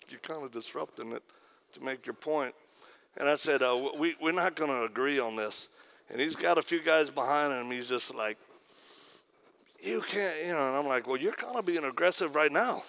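Male pastor, folksy storyteller on stage, bright ringing voice. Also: fairly high pitch, clear, resonant tone. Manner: folksy storyteller, acts out quoted voices, laughs at own stories. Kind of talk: humorous speech to a conference crowd. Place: conference stage.

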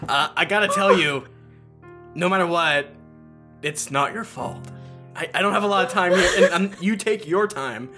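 A man's voice: high voice, moderate pace, music in the background, pitched above the performer's own voice, close to an everyday voice. Man doing a ghostly king, chuckling and sincere. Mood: earnest. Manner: laughing, rambling, breaks into giggles. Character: ghost of a dead male king, joking then earnest.

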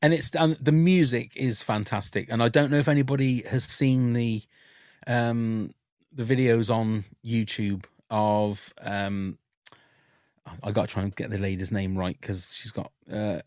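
A man's voice: on the low side, fairly even intonation, a little slow, darkish tone, no room sound, clean studio sound. A man talking as a podcast guest, telling candid stories in casual chat with lots of restarts. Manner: chatty, candid storytelling with frequent restarts.

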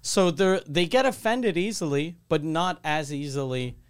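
A man who is a comedian, talking in animated, casual banter, swearing freely and mimicking people. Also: on the high side, normal speed, clean tone.

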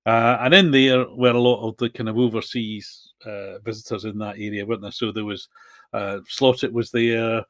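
A man's voice: lowish voice, flat delivery, moderate pace, a bit bright, no echo. A man co-hosting a podcast, chatting in a rambling way and searching for words. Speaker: podcast co-host. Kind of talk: casual chat.

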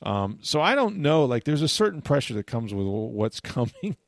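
A man co-hosting a casual sports talk show, telling animated stories about his playing days. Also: mid-range voice, normal speed, dry recording. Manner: storytelling, animated anecdotes. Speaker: co-host, former player turned broadcaster.

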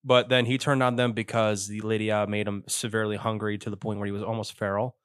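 A man's voice: lowish voice, level tone, fast talker, clean tone, dry recording, studio quality. A man narrating a tabletop game as game master, casual and rambling, correcting himself as he goes.

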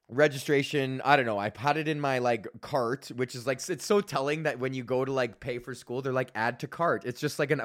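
A man's voice: mid-range voice, a bit bright. A young man hosting a podcast, telling a story in a casual rambling rant full of swearing, fillers and restarts. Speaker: podcast host. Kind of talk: casual ranting monologue.

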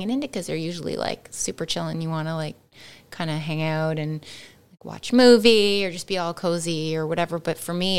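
Female co-host, North American, relaxed and chatty, lower pitch, clear voice. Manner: chatty, relaxed, quick to laugh. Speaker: podcast co-host. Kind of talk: casual chat.

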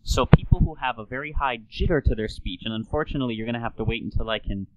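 A man's voice: medium pitch, quick pace, dry recording, muffled recording. A man hosting a casual talk show, explaining things in a playful, lecturing way. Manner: lecturing, playful, slips into old-timey announcer voice. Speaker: podcast host.

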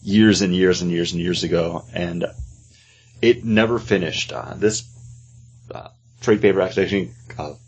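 A man's voice: low-pitched, slight background noise. A man co-hosting a casual podcast chat, enthusiastic, often restarting his sentences. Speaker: podcast co-host.

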